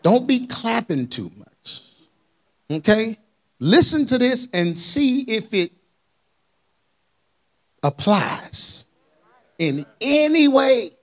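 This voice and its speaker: A man preaching a sermon in a colloquial, animated way, asking the congregation for amens. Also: extremely high pitch, very slow, long pauses. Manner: colloquial, dropped verbs and y'all.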